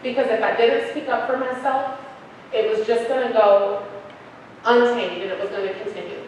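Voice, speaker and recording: A young adult woman speaks at a moderate pace in a voice on the high side, animatedly sharing a personal story with an audience and voicing the people in it. She sounds distant and echoey, as in a hall, with faint background noise.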